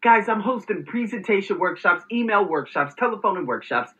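A man hosts a motivational vlog in an energetic, emphatic way, dropping salty words as he goes. His voice is forceful and bright, rising and falling in lively swings. The audio is dull and lo-fi. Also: high voice, moderate pace. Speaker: host.

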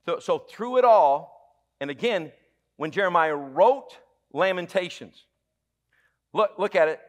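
A man with a Southern US accent preaching a sermon as pastor, emphatic and humorous, dropping from loud exclamations to hushed lines and asking the congregation questions. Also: high voice, animated, unhurried, long pauses. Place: church sanctuary.

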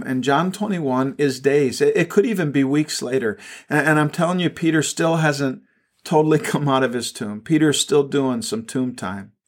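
A man preaching a sermon, retelling a story in an earnest way and often stumbling over repeated words. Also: mid-range voice. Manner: earnest storytelling with frequent stammered word repeats. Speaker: pastor.

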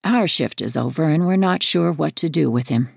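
A woman's voice: low voice, lively intonation, normal speed, creaky, darkish tone, breathy edge, no echo, clean studio sound, full character voice. A woman voicing a weary male day-treatment staffer with a plain, drawling delivery.

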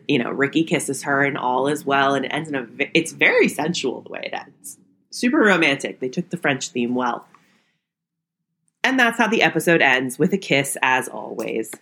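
A woman's voice: rumbling low, fairly bright tone. A young woman hosting a podcast, recapping an old sitcom episode in a chatty way, laughing often. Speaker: podcast host.

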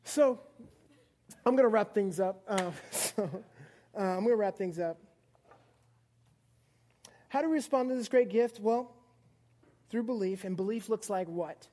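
Speaking at a measured pace with long pauses, a young woman delivers a playful, casual sermon before a live church congregation. Her medium-pitched voice is mellow, and she chats with listeners, laughs often and acts out small scenes.

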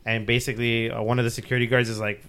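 On a podcast, a young male co-host tells a loose story very fast, swearing freely, laughing often and voicing the people he quotes. His medium-pitched voice stays level and sounds clear, resonant and a bit bright.

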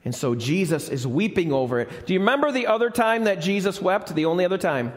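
A man with a high voice preaches a live sermon, recorded in a church with a long, ringing reverb. He leans on key phrases, says them twice, and keeps turning to the congregation with questions. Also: expressive, quick pace, few pauses. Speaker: pastor.

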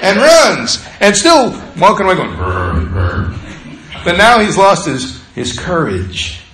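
A man preaching a sermon as pastor, talking in a conversational, animated way and telling stories with laughter. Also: sits high, unhurried, reverberant, some chatter behind, poor audio.

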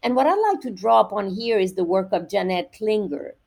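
Woman explaining at a measured pace. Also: medium pitch, expressive, vocal fry, a little mellow. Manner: measured, explanatory, with repeated restarts. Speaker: education researcher guest. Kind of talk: podcast interview, explaining.

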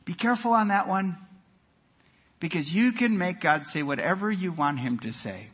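A man preaching a sermon, telling jokes and stories with animated emphasis and frequent repeated words. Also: high-pitched, normal speed, husky. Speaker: pastor.

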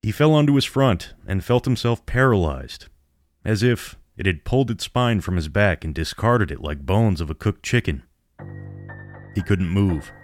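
A man narrating a horror story in a measured storytelling manner. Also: sits low.

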